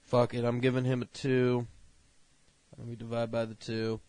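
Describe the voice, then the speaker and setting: A man co-hosting a casual review chat, swearing a lot and bursting into loud rants. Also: mid-range voice, completely flat delivery, moderate pace. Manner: profane, ranting, loud outbursts. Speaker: co-host.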